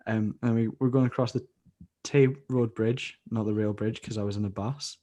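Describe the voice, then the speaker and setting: A man's voice: fairly low pitch, steady tone, moderate pace, mellow. A young Scottish man, a podcast co-host, telling a long rambling story in casual chat and acting out the people he quotes. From Scotland. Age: young adult.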